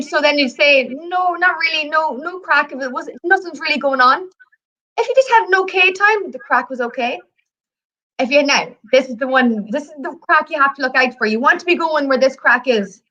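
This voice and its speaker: A woman's voice: high-pitched, bright, forceful tone, low-quality recording. An Irish woman chatting casually as a guest, bubbly and talkative, often laughing. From Ireland. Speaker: guest travel representative. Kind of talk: casual live chat.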